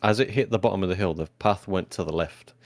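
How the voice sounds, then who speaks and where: A man's voice: sits low, no echo. A young English man, a podcast co-host, chatting casually and recalling shared stories with swearing. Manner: laid-back, swearing, quick to laugh. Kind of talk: casual chat.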